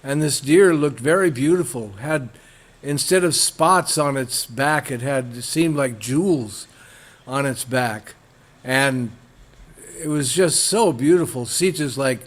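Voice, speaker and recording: A man giving a storytelling religious lecture, halting with fillers and acting out characters. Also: medium pitch.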